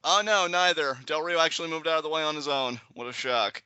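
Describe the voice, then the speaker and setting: A young man chatting excitedly in a live reaction, predicting what happens next and laughing often. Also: a little high, fairly quick, highs cut off, noisy background. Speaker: guest co-commentator.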